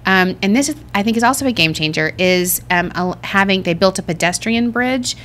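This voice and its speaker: A woman co-hosting a podcast in casual chat, chatty and excitable, often restarting her sentences. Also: mid-range voice, a little fast. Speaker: podcast co-host.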